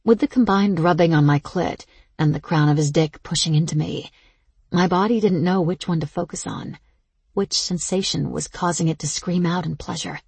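Low, husky woman narrating an audiobook. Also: moderate pace, darkish tone, no room sound. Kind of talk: first-person audiobook narration.

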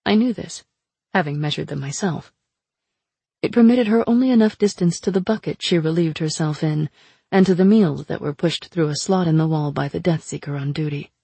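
A woman reading a first-person fantasy audiobook in an even, measured way. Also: deep voice, creaky, slightly rough, no echo. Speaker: narrator.

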